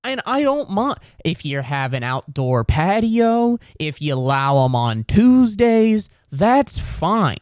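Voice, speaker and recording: A man's voice: high-pitched, sing-song, slow pace, few pauses, a little mellow, clear, resonant tone, no echo, studio quality. A young man hosting a comedy podcast, ranting in an exasperated, sarcastic way, swearing and slipping into put-on voices. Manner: jumps into put-on voices for quoted people. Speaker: podcast host. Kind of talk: comedic rant.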